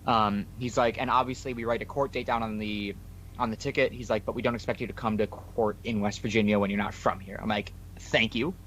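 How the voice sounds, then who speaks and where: Animated young man telling a road story. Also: lowish voice, brisk, slight background noise. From New York. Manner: animated retelling with quoted dialogue. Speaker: podcast co-host. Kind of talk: casual chat, storytelling.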